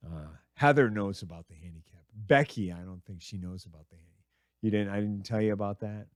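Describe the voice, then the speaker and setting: A middle-aged man hosting a comedy radio show, rambling and crude with a self-mocking streak. His voice sits fairly low and sounds dry and close, with no room around it. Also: brisk, no room sound. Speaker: radio host. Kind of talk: casual comedic monologue.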